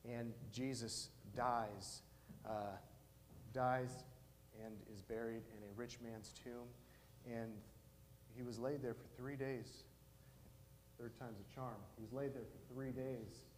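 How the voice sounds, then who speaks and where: A man's voice: medium pitch, steady tone, slow, long pauses, slight background noise. A pastor, a man in his thirties, preaching a sermon as a casual retelling, acting out dialogue with many fillers. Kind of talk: sermon storytelling. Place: church sanctuary. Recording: long church reverb, faint ambience.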